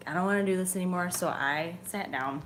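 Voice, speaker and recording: A woman's voice: on the low side, a little fast, a bit bright, slight background noise. A young woman on her channel, telling a story in a casual, chatty way, swearing freely and sometimes dropping to a whisper. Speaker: channel host. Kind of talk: casual chat.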